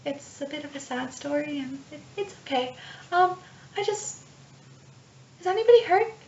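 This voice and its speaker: A woman voicing a timid, soft-spoken young female healer companion who hesitates and trails off. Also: high-pitched, expressive, moderate pace, a little hiss or hum, pitched above the performer's own voice. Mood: shy, hesitant. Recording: echoey room, distant dull mic.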